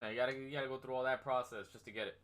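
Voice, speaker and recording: A man's voice: mid-range voice, fairly even intonation, racing, fairly bright tone. A man hosting a casual gaming chat stream, laid-back and laughing often, swearing freely. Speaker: streamer host.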